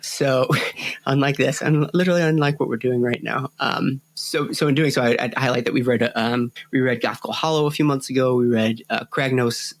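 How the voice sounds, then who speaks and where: A man's voice: mid-range voice, fairly even intonation, moderate pace. A man co-hosting a podcast, chatting casually about books, rambling with many restarts and fillers. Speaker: podcast co-host.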